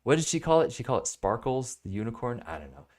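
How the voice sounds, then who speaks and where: A man hosts a casual live broadcast of product reviews. He talks in a loose, animated way and keeps cracking himself up. His voice sits at an ordinary middle pitch. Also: fast. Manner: animated, chatty, laughs at his own jokes. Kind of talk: casual live-stream chat.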